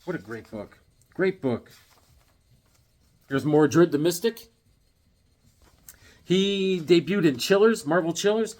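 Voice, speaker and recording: A man showing off his comic book collection in a casual, jokey vlog, with sudden loud exclamations. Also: a little high, expressive, slow, pauses often. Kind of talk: casual show-and-tell vlog.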